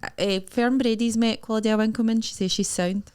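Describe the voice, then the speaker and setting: A woman's voice: a little high, fairly even intonation, moderate pace, a little mellow, smooth. A young Scottish woman, a comedian co-hosting a podcast, chatting and gossiping casually with her friend. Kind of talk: casual chat.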